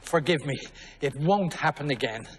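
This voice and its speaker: An actor playing a tired, sulky male tramp who grumbles in short, flat replies. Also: on the high side, normal speed, a little hiss or hum, close to an everyday voice. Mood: weary. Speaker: film actor.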